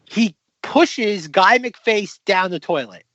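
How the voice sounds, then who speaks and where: A man's voice: high voice, lively intonation, slow pace, fairly bright tone, dry recording, highs cut off. A man co-hosting a film podcast, casually rambling through plot recaps with mock-quoted lines. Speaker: podcast co-host.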